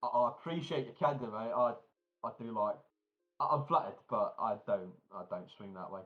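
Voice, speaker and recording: A man's voice: fairly low pitch, normal speed, narrow, tinny audio, faint music behind, natural voice. A man voicing a crude, boozy male dwarf brawler in a tabletop game. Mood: mocking. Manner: coarse, swearing, mocking.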